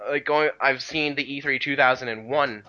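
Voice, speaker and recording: A man's voice: medium pitch, fairly even intonation, normal speed, pushed and bright, lo-fi sound. A man co-hosting a casual podcast about video game history, rambling with many restarts and "you know" fillers. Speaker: podcast co-host.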